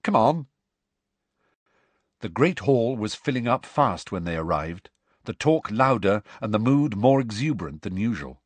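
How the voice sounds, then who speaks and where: A man's voice: lowish voice, slightly rough, no echo. A man narrating an audiobook expressively, acting out every character. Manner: animated, acts out the dialogue.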